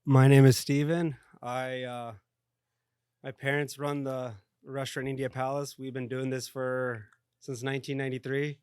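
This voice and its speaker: A man's voice: mid-range voice, level tone, normal speed, darkish tone, clean tone, dry recording, studio quality. A man in his thirties from Southern California, chatting casually as a podcast guest in a laid-back way. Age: 30s. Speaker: guest, restaurant owner's son. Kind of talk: casual interview chat.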